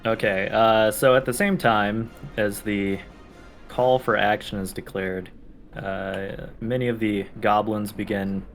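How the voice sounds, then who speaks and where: Gravelly low-voiced man running the game. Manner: laid-back, halting narration with many pauses. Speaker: dungeon master. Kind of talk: narrating a tabletop game.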